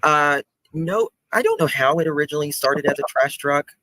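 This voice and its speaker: Man, low-ish bright voice, halting explainer, dry close sound. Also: animated, dry recording, low-quality recording. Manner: halting, many restarts, walks through footage. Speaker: guest presenting a video. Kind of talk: casual explanation over video call.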